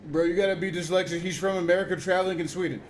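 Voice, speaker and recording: A young adult man commentating live gameplay, reacting aloud to chat and the game in an animated, slangy way. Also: high voice, racing, a little hiss or hum. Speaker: streamer.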